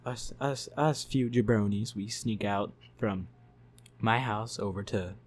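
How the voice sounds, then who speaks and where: A man's voice: lowish voice, unhurried. A man telling a story in a casual vlog, rambling, swearing and laughing as he goes. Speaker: YouTube storyteller.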